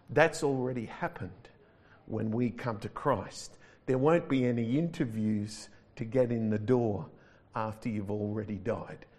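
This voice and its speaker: Slow, conversational male pastor. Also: medium pitch, darkish tone. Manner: conversational, wry, drawn-out emphasis. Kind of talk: sermon.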